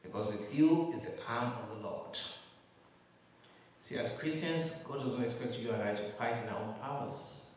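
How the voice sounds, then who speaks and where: A man's voice: medium pitch, moderate pace, slight background noise. A man preaching a sermon as pastor, driving his points home with rising emphasis and rhetorical questions. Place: church hall. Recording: echoey hall, mic at a distance.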